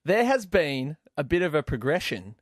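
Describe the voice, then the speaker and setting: A young Australian man chatting on a podcast, his pitch leaping around as he tells stories and acts out other people. The sound is close and dry, with no room around it. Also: moderate pace, dry recording. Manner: animated storyteller, mimics voices. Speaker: podcast host. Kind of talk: casual chat.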